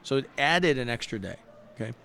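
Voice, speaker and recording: A middle-aged poker player appears as a guest on a show, sharing personal stories earnestly and from the heart, with animated retelling and frequent restarts. His mid-range voice is a little fast and creaky, with slight background noise.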